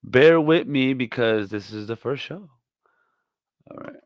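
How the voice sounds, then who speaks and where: Male podcast host, profane comic rant, mid-pitched voice, dry close sound. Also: a little slow, no room sound, dull audio. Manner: profane, mock-scolding tirade that flips between shouting and muttering. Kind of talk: comedic rant.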